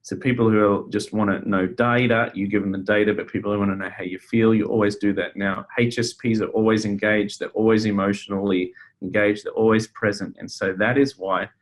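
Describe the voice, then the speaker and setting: A man's voice: lowish voice, flat delivery, fairly quick. A man presenting a webinar in a conversational way, a counselor who talks with fillers and restarts. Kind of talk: casual webinar teaching.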